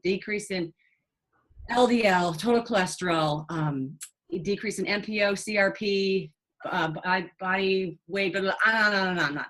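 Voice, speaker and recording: A middle-aged woman with a mid-range voice tells a story to her hosts in an animated, chatty manner. She talks at an ordinary pitch and often starts over and fills pauses. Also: poor audio. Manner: animated, chatty, with fillers and restarts. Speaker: nurse and guest. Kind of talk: casual storytelling in a conversation.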